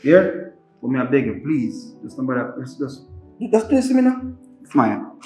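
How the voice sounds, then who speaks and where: A man's voice: medium pitch, big pitch swings, normal speed, darkish tone, faint music behind, natural voice. A man playing a father who brings his daughter home, pleading and repeating himself in patois-laced talk.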